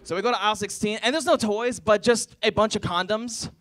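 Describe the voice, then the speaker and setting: On a college stage before a laughing audience, this twenty-something comedian talks in a high-pitched, somewhat bright voice, a little fast. His set is built on stories and on acting out relatives and strangers.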